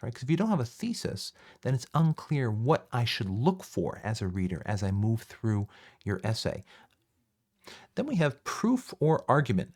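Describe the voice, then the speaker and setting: A man's voice: medium pitch, gravelly. A man giving a recorded one-take lecture in a conversational way, often checking in with "right?" and using fillers and restarts. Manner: fillers and restarts, lively emphasis.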